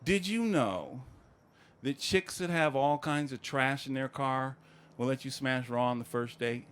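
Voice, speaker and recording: A man doing stand-up comedy in a loose, conversational, deadpan delivery, his voice sitting at an ordinary middle pitch. A faint hiss of noise hangs under him in the recording. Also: a little slow. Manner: conversational, deadpan storytelling with acted quotes.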